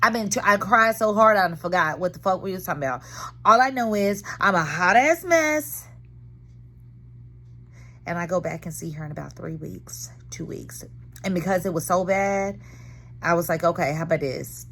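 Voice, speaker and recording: A woman's voice: lowish voice, lively intonation, moderate pace, a bit bright, slight background noise. A woman in her thirties talking candidly and dramatically to viewers about therapy, full of slang, recorded in her car. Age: 30s. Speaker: vlogger. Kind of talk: casual chat.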